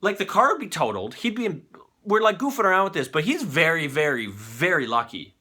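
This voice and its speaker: A male live show host who reacts to clips with loud, swearing excitement and lots of filler words. His voice is bright and forceful and slightly high, and it swings widely in pitch as he talks. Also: a little fast, husky. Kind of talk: live commentary on viral videos.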